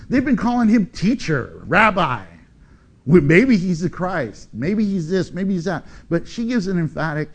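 A middle-aged male pastor preaching a sermon, animated, swinging between loud and soft and acting out the quotes he tells. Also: high voice.

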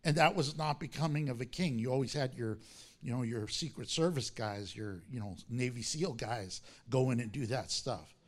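A man preaching a sermon, telling the story in an animated way, acting out its characters, and laughing often. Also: mid-range voice, normal speed.

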